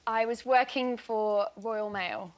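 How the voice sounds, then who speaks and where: A woman's voice: a little high, steady tone, slow pace. A woman telling an amused anecdote as a panel show guest. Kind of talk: casual anecdote. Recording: TV studio with audience laughter.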